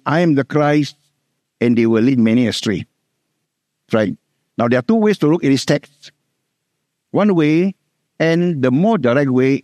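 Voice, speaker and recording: A middle-aged man with a Singaporean English accent, preaching a sermon, repeating key words and slowing down to stress scripture. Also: on the high side, a little mellow, no echo, clean studio sound.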